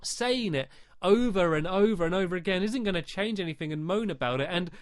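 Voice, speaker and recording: Man, podcast host, chatty and rambling, slightly high voice, dry close sound. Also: expressive, brisk, no room sound. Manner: chatty, rambling with many "like" fillers. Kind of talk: casual advice chat.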